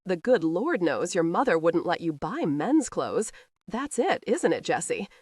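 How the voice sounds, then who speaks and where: A woman's voice: on the low side, big pitch swings, measured pace, a little mellow, slightly rough, no room sound, clean studio sound, full character voice. A woman voicing a brash, arrogant young man who teases and needles, read in an audiobook. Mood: needling. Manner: mocking, needling. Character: brash young male horseman, teasing and arrogant.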